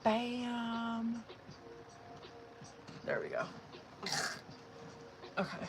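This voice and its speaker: A woman's voice: mid-range voice, normal speed, very noisy. A woman giving tarot readings on a live stream in casual, profane, chatty talk that is full of laughs. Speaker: tarot reader.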